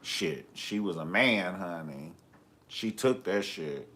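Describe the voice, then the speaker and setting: A man hosting a livestream from home, telling stories in a sassy, profane, animated way. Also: deep voice, slow. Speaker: livestream host. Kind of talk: comedic storytelling.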